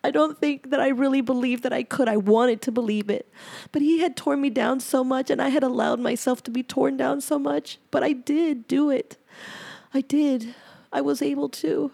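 A woman hosting a podcast who reads her own journal entry aloud, then reflects on it in an earnest, emotional way, often halting and repeating herself. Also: high-pitched, steady tone, creaky, darkish tone. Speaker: podcast host.

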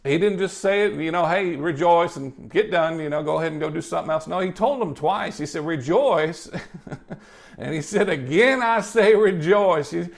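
High-voiced, upbeat male preacher. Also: moderate pace, gravelly. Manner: folksy, upbeat, repeats "you know", laughs often. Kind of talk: sermon.

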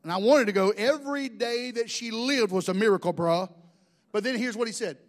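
A man's voice: high voice, fairly quick. A middle-aged man, preaching a sermon in a folksy, joking storytelling way. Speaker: pastor.

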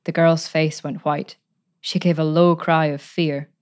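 A woman narrating a story aloud in a measured, even way. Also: deep voice, clean tone.

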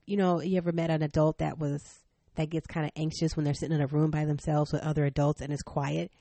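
A middle-aged woman hosting a parenting podcast, telling a family story in a frank, animated way, laughing often. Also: sits low, fast talker, dry recording. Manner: stern, frank. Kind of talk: personal storytelling.

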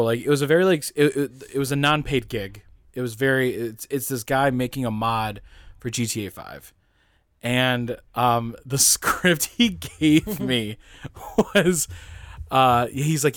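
A young man in his twenties talks casually as a podcast co-host, rambling through stories with filler words and easy laughter. His voice sits at a middle pitch. The sound is close and dry. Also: a little slow, a bit bright, no echo. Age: 20s.

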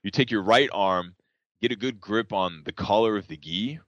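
A man co-hosting a podcast, telling a story in a laughing, animated way. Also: fairly low pitch, moderate pace, dry recording. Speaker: podcast co-host. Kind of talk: casual storytelling chat. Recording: dull, dry lo-fi audio.

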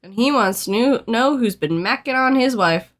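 A woman's voice: on the high side, animated, normal speed. A woman co-hosting a podcast, recapping a movie in casual, earnest chat full of "like" and "um". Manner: chatty, sprinkled with "like" and "um"; earnest and sentimental. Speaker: podcast co-host.

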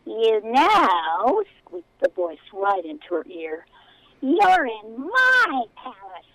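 A woman voicing a pompous, whiny male kangaroo rat king, speaking slowly and haughtily in a squeaky voice. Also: wildly swooping pitch, fairly bright tone, no room sound, full character voice, poor audio. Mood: haughty. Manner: slow, drawn-out, haughty.

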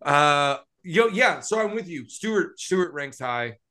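Bright-voiced joking podcast man. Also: on the high side, animated. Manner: quick, jokey, teasing. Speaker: podcast co-host. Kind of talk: casual banter.

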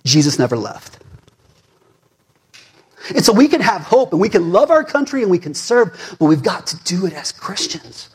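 A male pastor in his forties preaching a sermon in a fired-up, conversational way, swinging between loud emphasis and hushed asides. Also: sits high, big pitch swings, moderate pace, pauses often, slightly rough.

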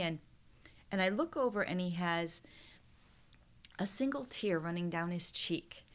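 A woman's voice: on the low side, animated, unhurried. A middle-aged woman, a podcast guest, earnestly retelling a personal story with emotion and quoted prayers.

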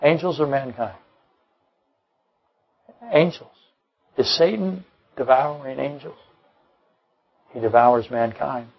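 A man's voice: mid-range voice, takes it slowly, gravelly, long pauses, darkish tone, slightly rough, poor audio. A man preaching a sermon to his congregation as pastor, emphatic, with rhetorical questions and dry jokes. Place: church.

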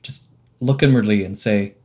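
A man co-hosting a podcast in casual chat, enthusiastic and excitable. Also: lowish voice, normal speed. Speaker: podcast co-host.

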